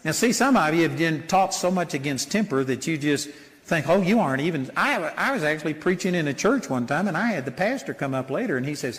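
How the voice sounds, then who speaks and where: Animated older preacher, hall reverb. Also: male voice, fairly high pitch, fairly quick. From Texas. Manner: animated, folksy storytelling with mock voices. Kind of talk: sermon.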